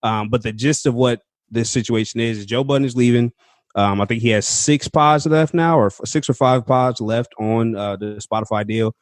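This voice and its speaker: A man's voice: mid-range voice, normal speed, no echo. A young man co-hosting a casual podcast, talking loosely with slang and filler ums. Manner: laid-back slang-heavy talk with filler ums. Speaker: podcast co-host. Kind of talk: casual chat.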